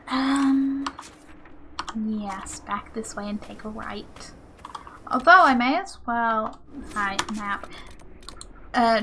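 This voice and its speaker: Playful higher-voiced woman streaming a game. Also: sharp tone, a little hiss or hum. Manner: chatty, playful, jokey asides to the game. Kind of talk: casual gameplay commentary.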